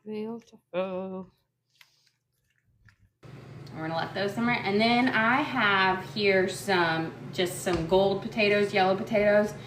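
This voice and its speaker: A woman's voice: mid-range voice, slow pace, pauses often, fairly bright tone, a little hiss or hum. Chatty woman cooking at home. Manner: chatty, instructional, sidetracked into anecdotes. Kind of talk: casual cooking demonstration. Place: home kitchen.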